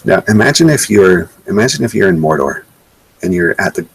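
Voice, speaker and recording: A man's voice: low-pitched, lively intonation, a little fast, gravelly, slightly rough, no room sound, poor audio. A man giving a live webcast slideshow talk in an indignant, sarcastic way, often repeating himself. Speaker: presenter.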